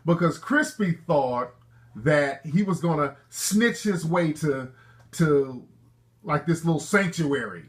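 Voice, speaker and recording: A man's voice: fairly high pitch, animated, takes it slowly. Brash joking talk-show host, man. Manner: brash, joking, street slang, lecturing callers. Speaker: show host taking calls. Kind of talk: call-in talk show banter.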